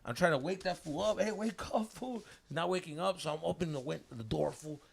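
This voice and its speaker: A man's voice: a little high, fast, vocal fry. A man in his thirties telling a wild story on a casual podcast, slangy, swearing often and mixing in Spanish words.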